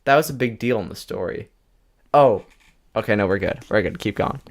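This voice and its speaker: A man's voice: fairly low pitch, expressive, fairly quick. A young man co-hosting a casual podcast, teasing his friend, laughing and swearing a lot. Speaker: podcast co-host.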